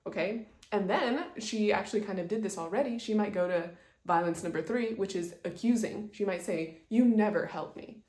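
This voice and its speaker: Teaching communication skills, this presenter speaks at a moderate pace in a mid-range, slightly mellow female voice. Her talk is earnest and instructional, built around example stories, and it was recorded in an echoey room.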